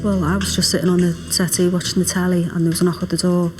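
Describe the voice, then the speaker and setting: A woman, a bereaved mother recounting events in a documentary interview, speaking quietly and haltingly. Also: fairly low pitch, little pitch movement, faint music behind. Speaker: mother of victim.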